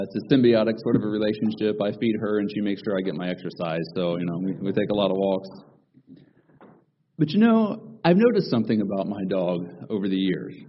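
A man preaching a sermon, opening with folksy jokes and stories before slowing down to read scripture. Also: lowish voice, dull audio.

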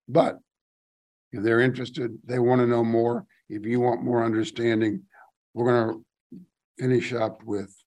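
A man's voice: mid-range voice, a little mellow. A man leading a Bible study, reading scripture aloud and commenting on it in casual asides, rising emphatically on key phrases. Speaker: Bible teacher.

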